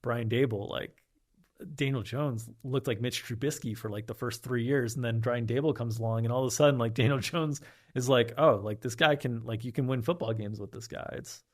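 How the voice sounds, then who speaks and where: A man's voice: medium pitch, fairly even intonation, brisk. A young man from South Florida, a podcast guest, talking in a loose, rambling way with lots of "like" and "yeah". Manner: rambling, heavy on filler "like" and repeated "yeah". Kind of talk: casual conversation.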